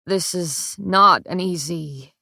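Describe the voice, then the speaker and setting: A woman narrator voicing a weary young male king who speaks gently and quietly. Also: on the low side, slow pace, gravelly, no room sound, studio quality, exaggerated voice. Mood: gentle.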